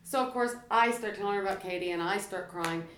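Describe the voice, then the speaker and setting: A woman chatting casually as a co-host, talkative and quick to laugh. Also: medium pitch, a bit bright, slight background noise. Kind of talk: casual chat. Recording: echoey room with faint ambience.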